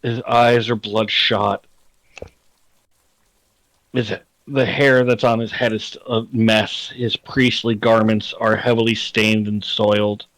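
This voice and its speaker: A man acting as game master, narrating a tabletop game in slow, deliberate descriptions over a voice call. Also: lowish voice, flat delivery, fairly bright tone, no echo, low-quality recording.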